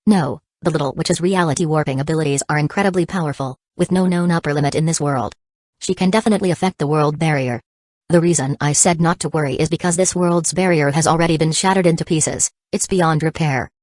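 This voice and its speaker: A woman's voice: deep voice, quick pace, darkish tone, no echo. A woman voicing a confident, scheming young man who leads a foundation, speaking dismissively, in an audiobook reading.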